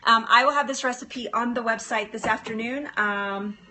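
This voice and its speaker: A woman's voice: fairly high pitch, moderate pace, pushed and bright. A woman hosting a live cooking stream from her kitchen, chatting in a bubbly way and answering viewers' comments. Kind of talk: casual live-stream chat.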